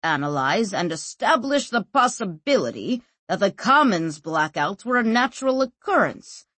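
A woman narrator voicing an overdressed, pompous male council deputy who talks slowly and at length in an audiobook. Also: medium pitch, fairly bright tone, no echo. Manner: slow, long-winded, pompous. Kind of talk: audiobook character voice.

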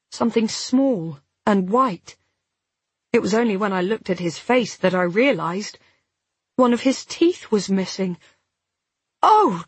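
A woman's voice: medium pitch, slightly rough, no room sound. A woman narrating a novel in the first person with a tense, dramatic delivery. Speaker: audiobook narrator.

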